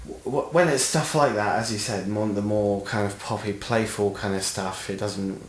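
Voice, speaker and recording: A man's voice: on the low side, fairly even intonation, normal speed, reverberant, a little hiss or hum. A man co-hosting a podcast, a guitarist and singer chatting casually and enthusiastically, swearing now and then. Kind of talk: casual chat.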